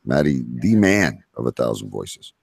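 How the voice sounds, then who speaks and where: Very deep gravelly-voiced host. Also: male voice, sing-song, measured pace, dry recording, studio quality. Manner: rambling, many fillers. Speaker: podcast host. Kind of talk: casual podcast chat.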